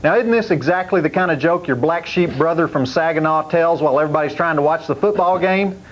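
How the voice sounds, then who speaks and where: A man's voice: fairly high pitch, fast, slight background noise. A man delivering comic convention commentary in a folksy, exasperated rant. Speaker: convention correspondent. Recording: dull 1990s TV broadcast.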